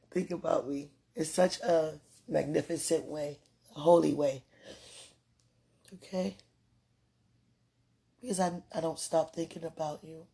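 Slow and steady with long pauses, a podcast host talks directly and casually to her partner, laughing often as she chats. Her voice is deep, gravelly and dark, with a breathy edge.

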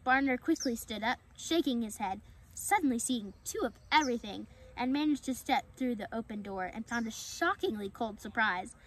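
A woman reading a children's animal story aloud in a steady storytelling way. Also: on the high side, normal speed, a little hiss or hum, rough recording. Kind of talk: storybook read-aloud narration.

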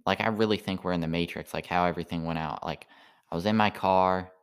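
A sleepy man rambling through a halting stand-up style monologue full of "like" fillers. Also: sits low, fairly even intonation, clear, resonant tone.

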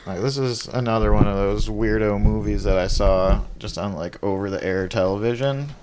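Low-voiced rambling podcast guy. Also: normal speed, background noise. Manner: rambling storyteller, sprinkled with filler words. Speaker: podcast co-host. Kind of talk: casual chat.

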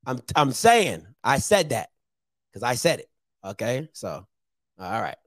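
A man's voice: mid-range voice, big pitch swings, measured pace, creaky, no room sound. A man hosting a call-in sports show, talking bluntly and repeating himself for emphasis. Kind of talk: argumentative sports call-in talk.

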